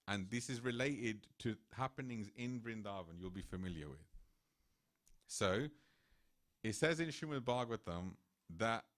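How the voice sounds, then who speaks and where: A man giving a temple talk, telling a devotional story and acting out the characters' voices. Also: medium pitch. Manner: animated, acts out quoted voices. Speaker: temple speaker. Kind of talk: sermon storytelling.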